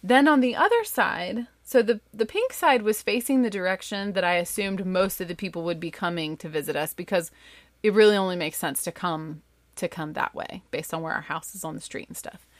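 Woman, thirties, casual storyteller, lively and chatty, dry close sound. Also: a little fast, no echo. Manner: lively, chatty, full of "like" fillers, jumps much higher for quoted voices. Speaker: mother telling a family story.

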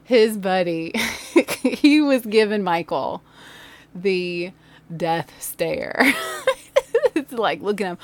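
A woman's voice: mid-range voice, takes it slowly, pauses often. A woman podcast host and former teacher telling a funny story from her classroom, laughing often. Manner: animated, laughs often, acts out voices. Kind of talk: storytelling monologue. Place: laundry room home studio.

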